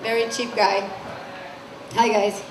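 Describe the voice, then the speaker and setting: Slow and flat at a medium pitch, a woman in her forties works a club stage as a stand-up comic, brassy and chatty while questioning the audience. Crowd laughter and room noise fill the echoey recording.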